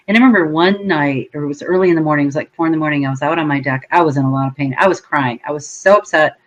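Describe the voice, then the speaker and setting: A woman guest in an interview, telling her story in a lively way and acting out her own past words. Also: low-pitched, very fast, few pauses.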